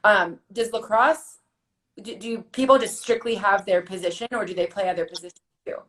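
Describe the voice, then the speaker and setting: Woman athlete, interviewer in a casual chat, friendly and curious, mid-pitched voice. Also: moderate pace, a bit bright, low-quality recording. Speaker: softball player and interviewer.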